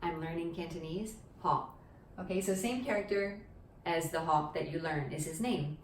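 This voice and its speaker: A woman with a fairly low voice talks through a casual language lesson. She explains things step by step and keeps checking in with the listener. The sound is roomy and a little distant, with faint ambience behind her. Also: moderate pace, a little hiss or hum. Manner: chatty, explains with many "okay" and "right?" checks. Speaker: Cantonese teacher. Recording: echoey room, a bit distant from the mic.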